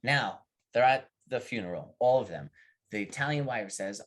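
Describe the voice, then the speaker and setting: A man co-hosting a podcast, telling jokes as an animated storyteller in casual chat. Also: medium pitch, normal speed. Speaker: podcast co-host.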